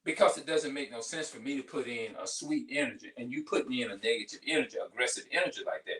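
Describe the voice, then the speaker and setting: A man's voice: medium pitch, fast talker, hardly any pauses, a bit bright, distant mic, rough recording. A man in his forties talking passionately to camera in a casual vlog monologue, emphatic, often restarting his sentences. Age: 40s. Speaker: vlogger.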